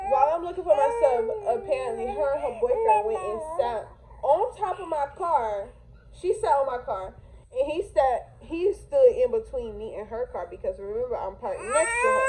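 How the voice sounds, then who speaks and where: A young woman vlogger telling a storytime in an animated, slangy, casual way. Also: high-pitched, background noise. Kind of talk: storytime vlog.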